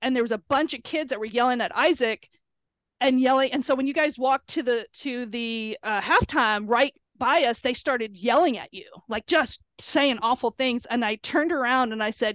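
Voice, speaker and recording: A middle-aged woman, a player's mother, telling animated stories in an interview and acting out quotes in a shrill high voice. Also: normal speed, no echo. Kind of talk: storytelling interview. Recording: dull lo-fi recording.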